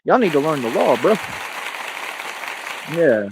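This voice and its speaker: A man's voice: a little high, big pitch swings, slow, creaky, a crowd in the background, background noise. A man ranting on a live stream, boastful and confrontational, full of street slang. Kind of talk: casual ranting monologue. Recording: dull lo-fi stream audio.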